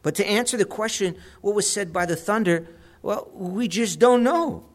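A man teaching through scripture verse by verse in a measured, reflective manner, repeating phrases for emphasis. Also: high voice. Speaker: Bible teacher.

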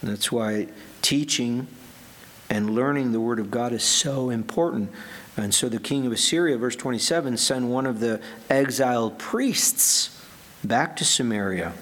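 A man preaching a sermon as pastor, earnest and emphatic, slowing down to stress the scripture he quotes. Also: mid-range voice, a bit bright.

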